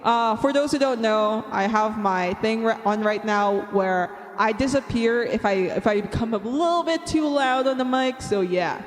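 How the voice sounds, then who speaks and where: A woman's voice: fairly high pitch, normal speed, hardly any pauses. Bubbly young woman streamer, reverby sound. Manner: bubbly and chatty, counts aloud, giggles often. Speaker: art streamer. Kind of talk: casual live-stream chat. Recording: long reverb, faint background music.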